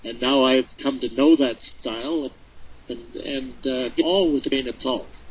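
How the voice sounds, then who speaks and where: A man from Nova Scotia calling in to a webinar, speaking softly and haltingly. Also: medium pitch, fairly even intonation, slightly rough. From Nova Scotia, Canada. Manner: hesitant, halting, soft. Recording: dull lo-fi webinar audio.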